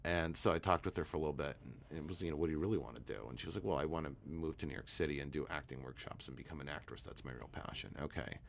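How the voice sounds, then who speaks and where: A man, a hypnotherapist guest, telling a long anecdote in a relaxed, rambling way with many fillers. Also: very deep voice, racing, creaky, hardly any pauses, a little hiss or hum. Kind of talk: storytelling interview talk.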